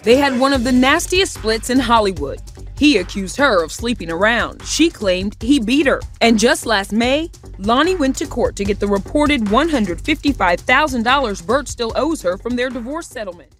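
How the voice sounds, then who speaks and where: A woman reading a scripted news report in a crisp, measured way. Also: fairly high pitch, lively intonation, faint music behind.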